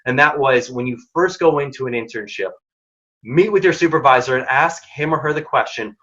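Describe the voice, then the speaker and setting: A man's voice: mid-range voice, lively intonation, brisk, bright, forceful tone. A man presenting a career workshop with direct, punchy advice and casual slang. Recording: dull lo-fi audio.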